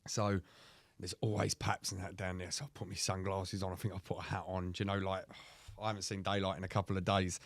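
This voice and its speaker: A man's voice: deep voice, brisk, no echo. A man with an Essex accent co-hosting a podcast, telling a rowdy story with lots of swearing and laughter. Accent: Essex English. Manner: animated, swearing, laughing through his own story. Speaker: podcast co-host. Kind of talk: casual storytelling chat.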